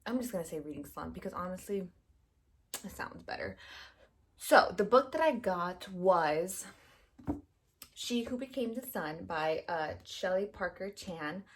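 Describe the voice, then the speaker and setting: A woman's voice: lowish voice, animated, measured pace. A young woman vlogging about books in a chatty, gushing way, full of fillers and acted-out reactions. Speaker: book vlogger. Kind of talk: casual chat.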